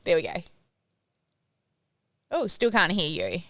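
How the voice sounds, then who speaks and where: A woman's voice: lowish voice, huge pitch swings, slow, crowd noise. A woman coaching a group on a live video call, encouraging and direct, chatting with plenty of fillers. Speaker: online business coach.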